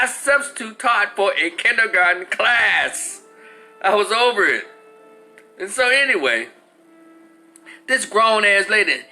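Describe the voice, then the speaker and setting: A high-voiced man in his forties rants through a story, swearing freely and acting out the people in it. His tone is very bright and tense, with faint music underneath. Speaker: commentator. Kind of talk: profane storytelling rant.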